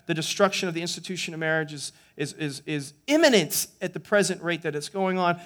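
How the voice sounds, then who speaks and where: A man with a high-pitched voice preaching a sermon as a pastor. He talks to the congregation conversationally, often restarting and repeating words, and works up to emphatic points. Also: fairly bright tone.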